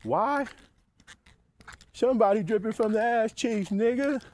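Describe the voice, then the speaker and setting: A man's voice: a little slow, a little mellow. A man talking to camera in a profane, rambling monologue, often chuckling to himself. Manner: profane, rambling, laughing to himself, mocking high voice for quotes. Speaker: vlogger.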